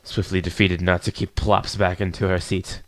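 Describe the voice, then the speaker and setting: A man hosting a game channel, reading through a visual novel in a casual, jokey way, with a hoarse voice. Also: low-pitched, little pitch movement, normal speed, no room sound. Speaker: gaming channel host. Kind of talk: visual novel let's play narration.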